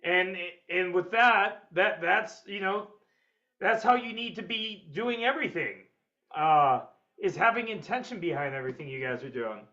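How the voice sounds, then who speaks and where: High-voiced, blunt male sales trainer. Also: moderate pace, muffled recording. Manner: energetic, blunt, swears freely, acts out client quotes. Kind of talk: webinar seminar lecture.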